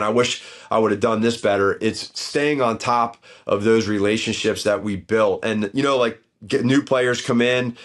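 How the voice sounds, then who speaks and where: A middle-aged man, a former football head coach, telling stories as a guest in a casual podcast chat. His voice jumps up when he acts out what people said. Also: mid-range voice. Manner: animated storyteller, voice jumps up in quoted bits.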